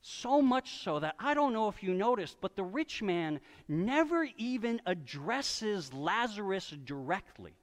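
Male preacher, high and very lively pitch, sermon delivered in a reverberant hall. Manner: storytelling, with quick voiced asides for people in the story.

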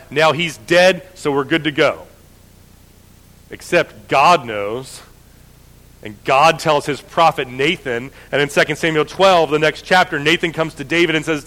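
A man preaching a sermon, telling the story in a lively, conversational way with frequent restarts. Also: a little high, big-room sound.

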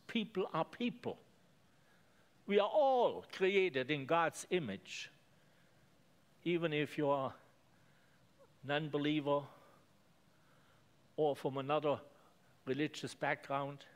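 A man preaching a sermon in earnest, simple phrases, often repeating words for emphasis. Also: medium pitch.

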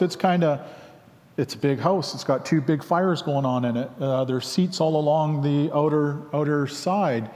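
A man shares his life story, pausing often and searching for words as he goes. He acts out both sides of remembered conversations, in a voice a bit higher than most men's. A long reverb trails behind his words. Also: a little mellow. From Canada. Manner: reflective, halting with frequent fillers, acts out both sides of dialogue. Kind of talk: personal storytelling talk.

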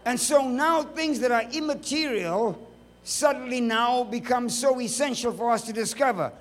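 A man with a strikingly high voice preaches a sermon at a moderate pace, emphatic and pressing his points with runs of rhetorical questions, tossing in joking asides along the way. A little hiss or hum sits in the background.

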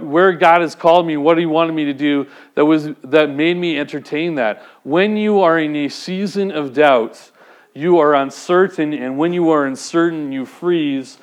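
A man preaching a sermon, speaking conversationally and putting direct questions to the congregation. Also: on the high side. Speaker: pastor.

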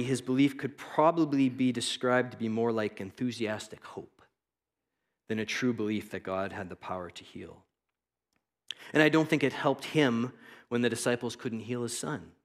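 A man giving a devotional Bible teaching in an earnest, reflective and conversational way. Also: mid-range voice. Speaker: preacher.

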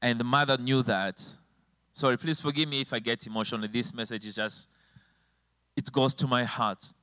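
A man's voice: medium pitch, steady tone, normal speed, sharp tone, clean tone, dry recording. A male preacher telling a personal testimony in a sermon, emotional, his voice rising and falling sharply. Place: church with slides and a helper at the computer.

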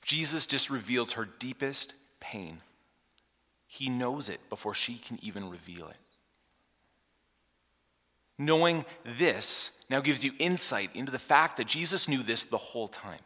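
A man preaching a sermon, reading scripture aloud and explaining it, swinging from hushed asides to emphatic points. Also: medium pitch, animated, unhurried, pauses often. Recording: long hall reverb.

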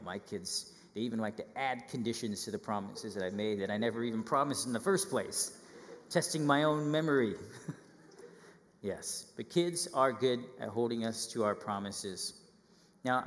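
A middle-aged man preaching a sermon to children, lively and full of questions, acting out quoted voices. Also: medium pitch, big-room sound.

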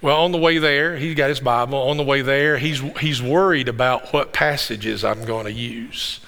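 A man preaching from the pulpit with a bright, forceful voice that carries a long hall reverb through the sanctuary. He talks in a loose, conversational way and doubles up words when he gets going on a story. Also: mid-range voice, moderate pace. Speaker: pastor. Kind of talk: sermon with storytelling. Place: church sanctuary.

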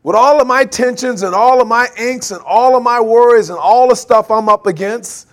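A man preaching a sermon, animated, laughing often and acting out quoted voices. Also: very high voice, moderate pace, hardly any pauses. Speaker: pastor.

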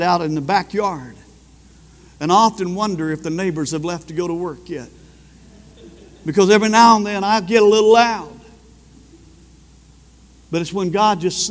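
A high-pitched man preaching with fervent energy, his voice swelling into loud bursts of praise. The sound rings with a long reverb, like a church hall. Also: normal speed, pauses often. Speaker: pastor. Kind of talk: sermon.

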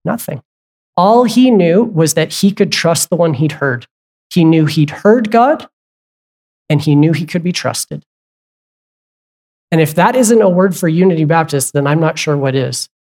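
A pastor preaching a sermon in a conversational way, asking the congregation question after question and breaking off for asides and quick corrections. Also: mid-range voice, expressive, a little mellow. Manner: asks the congregation repeated questions.

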